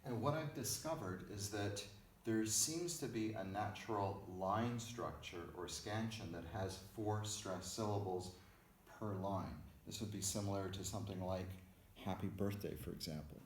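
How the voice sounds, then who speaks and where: A man teaching music theory in a recorded lecture, explaining in a patient, measured way in front of a board. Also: fairly low pitch. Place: room with a board. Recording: echoey room, faint background hiss.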